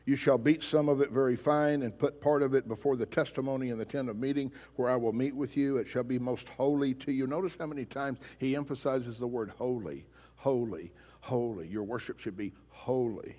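A man's voice: medium pitch, fairly quick, few pauses, dark tone. A man preaching a sermon as pastor, emphatic and pressing his congregation with pointed questions. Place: church sanctuary. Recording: long reverb of a large hall.

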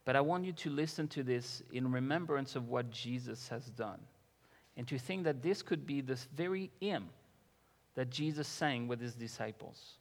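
A man preaching a sermon as pastor, reading scripture and building to loud, impassioned emphasis. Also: mid-range voice, normal speed, big-room sound.

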